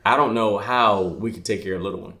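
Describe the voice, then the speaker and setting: Deep-ish guy, laid back, lots of "like", echoey room. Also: fast. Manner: relaxed, heavy use of "like", teasing. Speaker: podcast co-host, husband. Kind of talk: casual chat.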